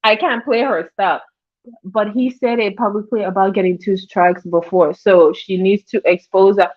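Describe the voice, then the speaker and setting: A woman livestream host offers chatty, casual commentary and greets viewers by name as she goes. Her medium-pitched voice is steady and normally paced, and the stream audio is dull and lo-fi.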